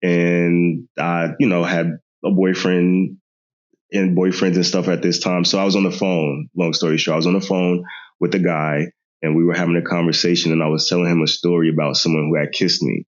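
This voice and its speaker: A man in his thirties, a podcast guest, retelling a family story in a casual, animated way, mimicking others' voices and laughing often. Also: low voice, normal speed. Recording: dull lo-fi sound.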